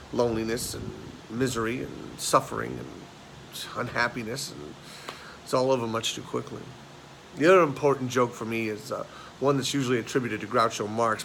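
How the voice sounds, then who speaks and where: A man's voice: medium pitch, creaky, fairly bright tone, a little hiss or hum, poor audio. A man playing a stammering, neurotic forty-year-old. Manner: stammering, rambling, repeats words. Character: neurotic, self-mocking man turned forty. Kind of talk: film monologue performance.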